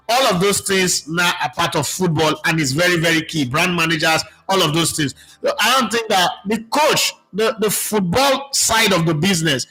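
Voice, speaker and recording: A man's voice: fairly high pitch, pushed and bright, low-quality recording. A man with a Nigerian accent hosting a casual football stream, chatting and reading out viewer comments. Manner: chatty, mixes Pidgin with English, reads out viewer comments. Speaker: football show host. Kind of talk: casual live-stream chat.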